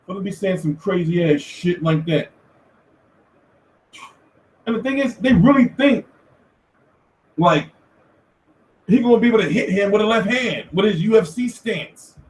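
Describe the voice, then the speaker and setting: A man hosting a casual commentary show, talking in an animated, profane rant. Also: high voice, measured pace, long pauses, slight background noise. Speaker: host. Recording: echoey room, far from mic.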